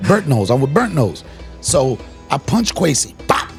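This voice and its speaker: A man from the Washington, D.C. area hosting a podcast, telling a comic story with loud punchlines and bursts of laughter. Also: medium pitch, big pitch swings, unhurried, gravelly, faint music behind. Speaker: podcast host, comedian.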